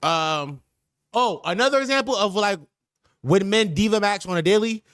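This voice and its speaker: High, animated man riffing on stream. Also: normal speed, clean tone, no room sound, studio quality. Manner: animated, repetitive riffing with slang. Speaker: podcast host. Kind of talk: casual streaming chat.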